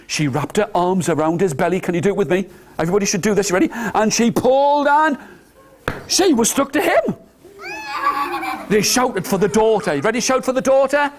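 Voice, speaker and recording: Animated male storyteller for toddlers. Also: high voice, fairly quick, noisy background. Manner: animated, coaxing children to join in. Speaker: children's storyteller. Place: nursery school room.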